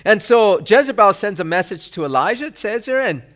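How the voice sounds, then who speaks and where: Man, pastor, sermon, high voice, rhetorical questions, emphatic delivery. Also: animated, brisk. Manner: acts out quoted lines with sudden loud bursts.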